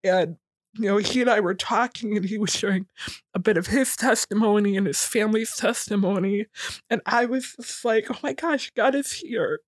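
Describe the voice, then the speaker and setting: A woman in her thirties telling a personal story in casual talk, jumping up in pitch when she quotes people. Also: normal speed, no echo, clean studio sound. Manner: animated, acts out quoted voices higher.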